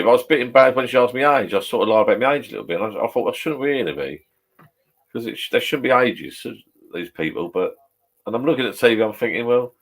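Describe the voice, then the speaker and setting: A vlogger in his fifties with a gravelly, medium-pitched voice chats casually from his home pub shed. A few beers in, he rambles, swears and chuckles.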